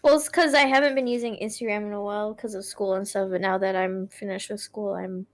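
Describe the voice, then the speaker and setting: A woman's voice: medium pitch, fairly even intonation, a little fast. A young woman chatting easily with her tabletop game group. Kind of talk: casual chat before a game session.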